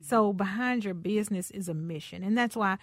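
A woman's voice: mid-range voice, brisk, no echo, clean studio sound. A woman hosting a radio talk show, exuberant and teasing, often laughing as she talks. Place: radio studio.

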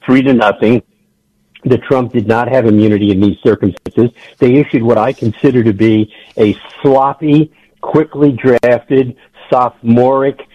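A man's voice: medium pitch, a little mellow, dry recording, lo-fi sound. An older man, a former prosecutor, giving blunt, emphatic legal commentary as a guest on a radio interview.

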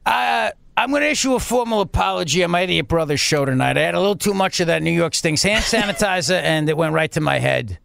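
A radio host mocking a smug, boastful middle-aged male governor, in a slow, self-satisfied voice. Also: fairly high pitch, gravelly, fairly bright tone, no echo, voice pushed down.

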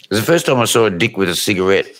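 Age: adult. Sex: man. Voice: low, lively. Style: bawdy storytelling. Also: very fast, slight background noise. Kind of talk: casual chat, crude anecdotes.

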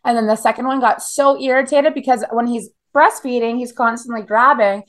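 A woman's voice: a little high, steady tone, a little fast. A woman in her thirties from Canada, telling blunt, profane stories in a casual interview with lots of "like" fillers. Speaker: guest.

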